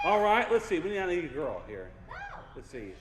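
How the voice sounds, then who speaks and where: A young man speaks from a stage as a keynote speaker, goofy and playful, swinging his pitch widely as he works the audience. His voice sits a little high for a man. It carries with a long, echoey reverb, as heard in a large hall from out in the room. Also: very animated, moderate pace. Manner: goofy, playful, engages the crowd. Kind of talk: motivational keynote speech.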